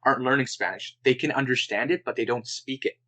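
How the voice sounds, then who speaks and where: A man from Canada, telling an animated story in a casual podcast chat. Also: medium pitch, fast, low-quality recording. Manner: animated storyteller, chatty and relaxed.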